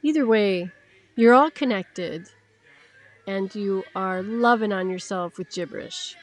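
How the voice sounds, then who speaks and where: Giggly high-voiced woman leading laughter yoga. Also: animated, slow, slight background noise. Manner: giggly, playful, encouraging, often breaking into laughter. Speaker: yoga instructor. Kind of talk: guided laughter yoga class.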